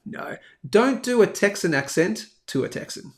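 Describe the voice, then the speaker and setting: A man's voice: fairly high pitch, lively intonation, normal speed, a bit bright. An Australian man in his thirties hosting a daily live stream, chatty and jokey as he reads out viewer comments. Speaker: host of a live bullion show. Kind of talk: casual live-stream chat.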